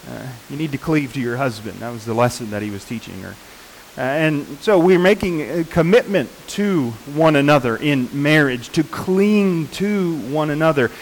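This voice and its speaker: A man preaching a sermon in an unhurried, earnest way, often pausing with fillers and restarting his sentences. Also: a little high, a little hiss or hum, low-quality recording.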